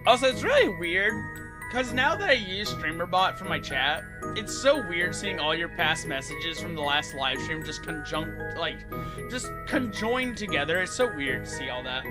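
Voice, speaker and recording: A man's voice: on the high side, big pitch swings, moderate pace, over loud music. A young man streaming live, chatting casually and rambling to his viewers. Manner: rambling, chatty, self-correcting. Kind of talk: casual livestream chat.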